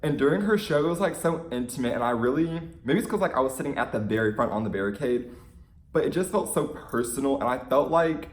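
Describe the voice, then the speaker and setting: A young man telling an excited fan story in a casual vlog, gushing and full of "like"s. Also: medium pitch, reverberant. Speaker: vlogger.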